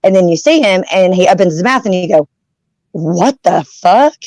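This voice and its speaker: A woman with a Southern American accent, chatting casually as a podcast co-host, telling animated stories and laughing often. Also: lowish voice, fast talker, no echo, rough recording. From Southern United States. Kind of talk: casual chat.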